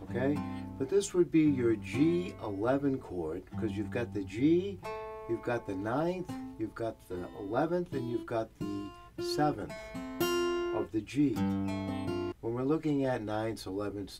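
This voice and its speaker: Man teaching guitar, guitar playing behind. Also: fairly low pitch. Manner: relaxed, explanatory, hums melody lines. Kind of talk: guitar lesson, talking while playing.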